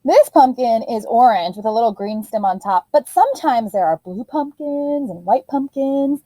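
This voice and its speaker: A woman teacher giving a phonics lesson to young children in an animated, sing-song voice. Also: a little high, normal speed, no echo, poor audio.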